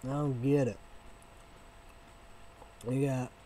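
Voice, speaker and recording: A man from Illinois ranting in a halting, repetitive way, sometimes bursting into loud excited shouting. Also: mid-range voice, slight background noise, low-quality recording. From Illinois, United States. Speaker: vlogger. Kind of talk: rambling casual rant.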